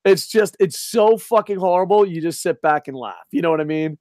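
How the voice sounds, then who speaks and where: A man's voice: high-pitched, fairly quick, darkish tone, no room sound, clean studio sound. A man co-hosting a casual wrestling chat, sarcastic and swearing freely, laughing at his own jokes. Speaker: podcast co-host.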